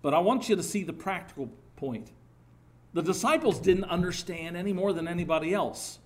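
Earnest middle-aged male pastor preaching. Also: high-pitched. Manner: earnest and lively, with rising emphatic bursts and halting restarts. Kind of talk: sermon.

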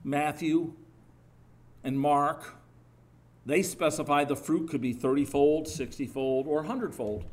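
Earnest middle-aged male pastor preaching. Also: a little high. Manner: earnest and lively, with rising emphatic bursts and halting restarts. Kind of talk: sermon.

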